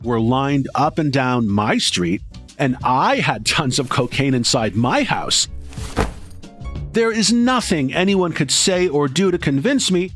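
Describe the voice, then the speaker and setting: A man's voice: mid-range voice, big pitch swings, measured pace, over music. A man hosting and narrating a documentary podcast in a scripted, dramatic, suspense-building delivery.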